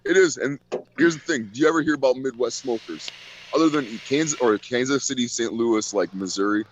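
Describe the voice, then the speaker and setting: A man's voice: mid-range voice, a little fast, a little hiss or hum. A man chatting casually on a podcast, telling profane stories and acting out the people in them. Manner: profane, storytelling with acted-out quotes. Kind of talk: casual chat. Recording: dull dry lo-fi audio.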